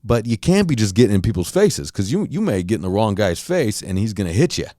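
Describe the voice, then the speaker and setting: A man's voice: fairly low pitch, sing-song, fast, warm tone, no room sound, studio quality. A middle-aged man from Southern California telling a heated, profane story in a casual monologue rant, with lots of restarts. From Los Angeles County, Southern California. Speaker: podcast host.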